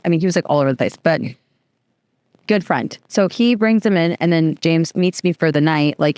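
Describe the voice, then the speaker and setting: A woman guest on a podcast, telling a story in a chatty, animated way with lots of filler words. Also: low voice, no echo, studio quality. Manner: chatty, animated, fills speech with "like". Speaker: podcast guest, youth program co-founder. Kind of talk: casual interview storytelling.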